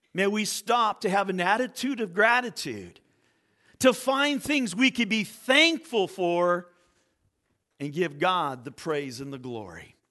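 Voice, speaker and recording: A man's voice: sits high, sharp tone. A male pastor preaching a sermon in church, telling a joke story and reading scripture, with small stumbles and restarts.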